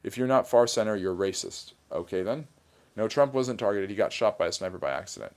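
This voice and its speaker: A man's voice: fairly low pitch, expressive, fairly quick. A man hosting a casual livestream, reading viewer comments aloud and answering them in a plainspoken, mildly sarcastic and argumentative way. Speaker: livestream host reading chat.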